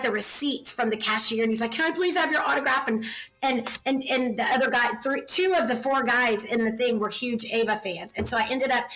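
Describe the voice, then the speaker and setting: Woman voice actor, bright forceful tone, fairly high, animated storytelling over music. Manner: energetic, acts out quotes. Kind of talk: casual storytelling.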